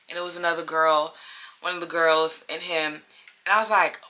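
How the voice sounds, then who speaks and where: A woman vlogger telling a personal story in a chatty, animated way, repeating phrases for emphasis. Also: on the low side, normal speed. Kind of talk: casual storytime.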